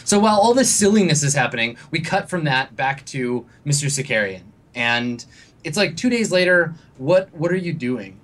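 A man narrating a tabletop game as game master, in a mid-pitched voice. His delivery is loose and casual, with frequent fillers and restarts. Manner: loose, laughing, lots of fillers.

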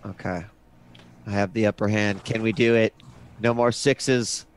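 A man's voice: lowish voice, fairly even intonation, a little slow. A man playing in a tabletop game, talking casually and swearing freely. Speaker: player.

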